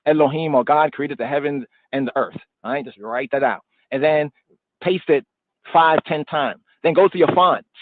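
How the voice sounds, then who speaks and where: An American man teaches scripture on a live stream, looping back, repeating words and phrases, and mixing informal street slang into his Bible study lesson in a loose, digressive way. His voice is a little high, and the dry recording sounds tinny and phone-like.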